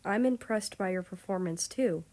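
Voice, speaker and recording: A woman's voice: medium pitch, normal speed, a little mellow, close to an everyday voice. A woman voicing a friendly male guard in a storybook reading, speaking in an easygoing tone.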